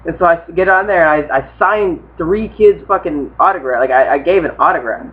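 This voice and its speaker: Slightly high man on a tinny line. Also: brisk. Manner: laid-back, profane, retelling fight memories. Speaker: podcast co-host. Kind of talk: casual podcast chat. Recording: tinny phone-like audio with faint hiss.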